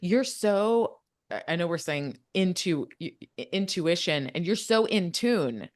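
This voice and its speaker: A woman hosting a podcast who answers her guest with warm praise. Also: fairly low pitch, animated, measured pace. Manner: warmly affirming, admiring. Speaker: podcast host. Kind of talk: casual chat.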